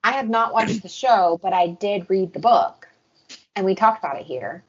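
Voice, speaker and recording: A woman co-hosting a book podcast in casual chat, lively and quick to act out what others said. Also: medium pitch, slight background noise. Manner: animated, acts out quotes of others. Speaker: podcast co-host. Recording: dull lo-fi podcast audio.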